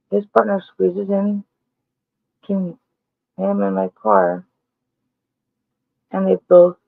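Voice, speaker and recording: Blunt, cussing woman with a gravelly voice. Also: fairly low pitch, dry recording. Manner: blunt, profane, emphatic retelling. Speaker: vlogger. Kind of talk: casual storytelling. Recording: tinny phone-like sound, dry.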